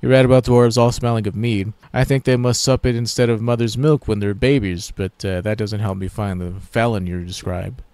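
A man's voice: fairly low pitch, fairly even intonation, fairly quick, few pauses, darkish tone, clean tone, no echo, voice pushed up, close to an everyday voice. A man voicing a dry, sarcastic male human adventurer. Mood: wry.

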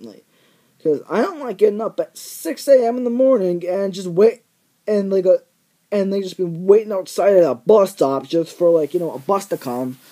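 A man's voice: a little high, a little mellow. A teenage guy vlogging, ranting in an exaggerated, rambling way with lots of fillers. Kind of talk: ranting vlog monologue.

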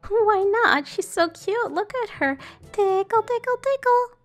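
A woman's voice: very high-pitched, lively intonation, measured pace, soft background music. Woman doing a squealing little girl doll. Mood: playful. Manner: giggly, squealing.

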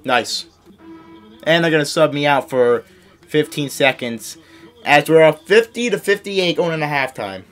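A young man giving excitable live commentary on his own basketball video game, scolding his teammates and mocking himself. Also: a little high, measured pace, soft background music. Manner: excitable, yells and laughs at big plays. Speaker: gaming YouTuber.

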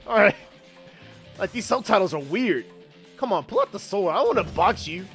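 A man giving gaming commentary, excitable and profane, reacting out loud as he plays. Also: high-pitched, moderate pace, long pauses, faint music behind. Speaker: gaming video host.

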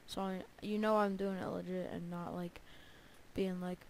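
A woman's voice: on the low side, flat delivery, moderate pace, a little hiss or hum, poor audio. A woman giving casual gameplay commentary, chatty and prone to bursts of panicked repeated cries. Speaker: let's play gamer.

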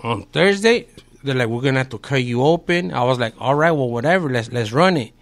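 A man's voice: mid-range voice, expressive, brisk, soft background music. Laid-back slangy SoCal guy telling a story. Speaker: podcast guest. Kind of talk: casual storytelling.

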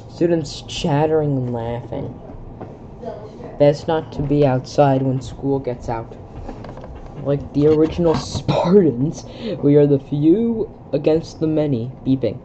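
Reading a film script aloud at an unhurried pace, a young adult video creator speaks in a dark, medium-pitched voice, voicing the stage directions as well. Words trip them up, and they stop now and then to comment in confusion. The sound is dull, carrying a little hiss or hum.

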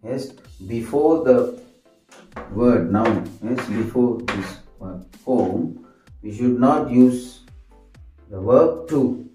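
A man speaks very slowly in a deep, mellow tone, going over grammar points and repeating each example sentence several times. His voice is set back from the microphone in an echoey room. Faint instrumental music plays underneath. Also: distant mic. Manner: slow, repetitive, says sentences over and over; answers himself with "yes". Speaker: English grammar teacher. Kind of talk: grammar lesson.

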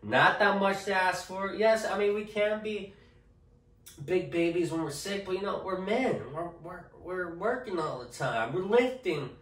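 Slow-talking joking man in an echoey room. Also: high voice, a bit bright, far from the mic. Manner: joking, rambling, says okay a lot. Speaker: vlogger. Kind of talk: casual talk to camera.

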